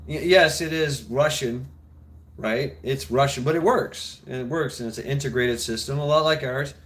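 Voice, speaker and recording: A man's voice: medium pitch, moderate pace, fairly bright tone. A man hosting a casual talk show, rambling with many restarts, swearing freely, laughing often. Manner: mimics others in mock voices. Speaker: show host. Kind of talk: casual chat.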